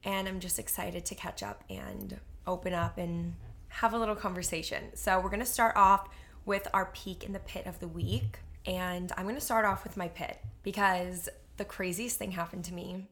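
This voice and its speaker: A woman's voice: lowish voice, normal speed. Chatty woman telling a story. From Boston area. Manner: animated storytelling, many fillers. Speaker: podcast co-host. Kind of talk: casual chat.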